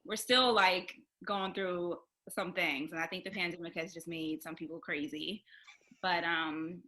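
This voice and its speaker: A woman's voice: fairly low pitch, steady tone, measured pace, bright, forceful tone, rough recording. A woman speaking openly in a casual group chat over a video call. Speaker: panel participant.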